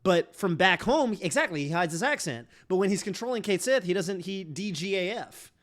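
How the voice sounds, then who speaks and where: A man's voice: sits high, expressive, moderate pace, fairly bright tone. A man streaming a game, chatting casually in a rambling way full of fillers and restarts. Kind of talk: casual chat while streaming.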